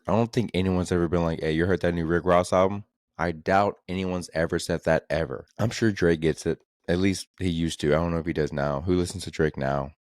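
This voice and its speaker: A young podcast host with a very deep, low, slightly mellow voice rants through a casual comedy show in loose, rambling, profane, exasperated bursts. The sound is close and dry with no room around it.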